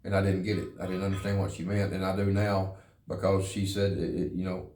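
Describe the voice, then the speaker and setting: Deep, flat-voiced man in an echoey room. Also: faint music behind. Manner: halting and earnest, repeats words. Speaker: interviewee, former prisoner in a recovery program. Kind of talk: personal testimony.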